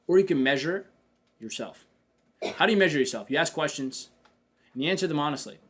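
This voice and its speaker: Fast-talking man hosting a business podcast. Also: on the high side. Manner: energetic, talks to listeners directly with frequent "man" and "check this out"; acts out his own inner dialogue in quoted asides. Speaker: podcast host and business coach. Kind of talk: casual podcast talk.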